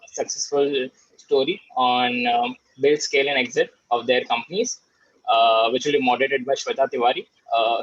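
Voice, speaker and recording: A man hosting an online event, halting with many fillers. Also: mid-range voice, a bit bright. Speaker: event host. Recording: dull lo-fi audio.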